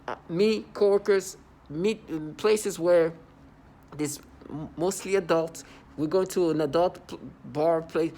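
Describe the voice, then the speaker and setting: A man's voice: a little high, measured pace, mellow, slight background noise. A man in a rambling, scornful monologue to his viewers, repeating himself and breaking into mocking laughter. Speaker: vlogger. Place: New York City.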